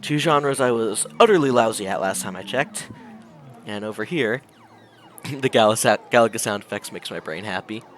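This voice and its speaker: A male streamer reading and narrating a visual novel, animated and jokey, laughing often. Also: on the low side, normal speed, a little hiss or hum.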